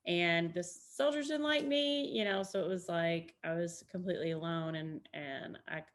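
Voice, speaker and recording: A woman's voice: on the low side, normal speed. A woman Army veteran, a guest, talking in a casual, rambling way with many restarts and fillers. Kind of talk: casual conversation.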